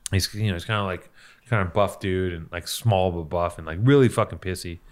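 A young man talks fast, spilling out an animated story as a podcast host. His voice sits a little low, and he swears freely in loose, casual chat.

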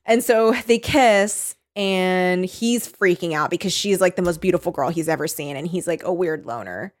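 A woman's voice: lowish voice, moderate pace. A woman chatting casually as a podcast co-host, recapping a show with lots of giggles and acted-out quotes. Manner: animated, giggly, acts out quotes.

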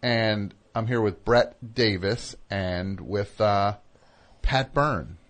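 A man's voice: on the low side, slow pace. Rambling man hosting a radio call-in. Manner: rambling, animated, trails off quietly. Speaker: radio show host. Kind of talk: casual call-in chat.

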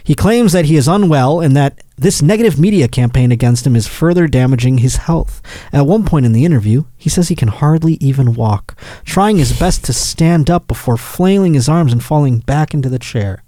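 A man's voice: fairly high pitch, expressive, moderate pace, warm tone, dry recording, clean studio sound. A man hosting a comedy podcast, casually recapping odd news clips with sarcastic asides and mocking impressions. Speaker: podcast host.

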